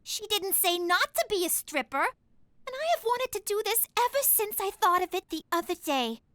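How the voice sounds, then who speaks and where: A squeaky, very high cartoon teenage girl, spoiled and theatrical. Her voice leaps around as she whines and gushes. Dry, close sound under faint music. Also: animated, moderate pace, sharp tone, no room sound, heavily acted. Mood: sulky. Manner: petulant, swings between tantrums and gushing. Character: spoiled teenage daughter, dramatic and whiny.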